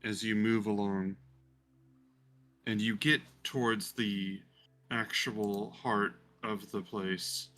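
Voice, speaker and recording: A man narrating as game master for a tabletop game, hesitant with many pauses. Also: on the low side, fairly even intonation, fairly bright tone. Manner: hesitant, many ums, descriptive.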